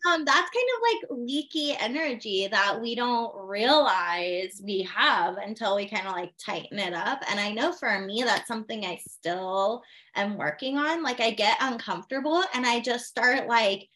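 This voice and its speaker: A woman's voice: fairly high pitch, lively intonation, moderate pace, pushed and bright. A woman in candid casual chat, encouraging her friend and swearing in playful quoted asides.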